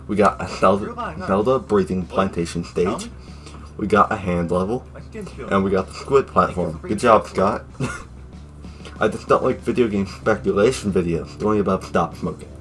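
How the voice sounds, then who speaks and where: Low-voiced man with sarcastic asides. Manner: offhand and sarcastic, with joking asides. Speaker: YouTube reviewer. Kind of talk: casual video review narration.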